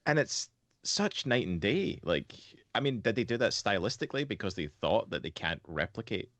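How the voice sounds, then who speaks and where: A young man with a very low, deep voice talks loosely about a film on a podcast. He rambles, swears freely and acts out characters' lines. The sound is dry and close. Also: very animated, normal speed, a bit bright, no room sound. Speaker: podcast co-host. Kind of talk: casual film discussion.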